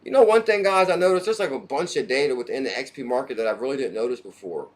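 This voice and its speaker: A fast-talking crypto livestreamer with a medium-pitched voice chats excitedly and casually. He skips between topics and welcomes people in the chat by name.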